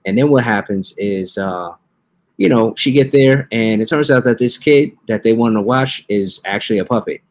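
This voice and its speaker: A man's voice: on the low side, normal speed. Laid-back young man telling a slangy movie recap. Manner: laid-back slangy storytelling with playful quoted voices. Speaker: podcast host. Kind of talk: casual comedic movie review.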